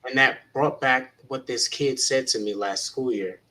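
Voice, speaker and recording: Bright-voiced earnest teacher man. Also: medium pitch, measured pace, poor audio. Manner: earnest, encouraging, retells conversations. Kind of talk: panel talk, encouraging youth.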